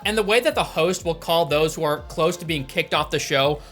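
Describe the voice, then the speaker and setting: A man's voice: fairly high pitch, normal speed, fairly bright tone, soft background music. Sarcastic male commentary vlogger. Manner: chatty and sarcastic, frequent laughs and "like"s. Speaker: YouTube commentator. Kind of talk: comedic commentary.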